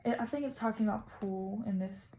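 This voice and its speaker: A woman's voice: mid-range voice, brisk, warm tone, a little hiss or hum, low-quality recording. A woman casually talking through her reading of a poem, tentative and thinking aloud as a student presenting. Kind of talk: casual spoken poem analysis.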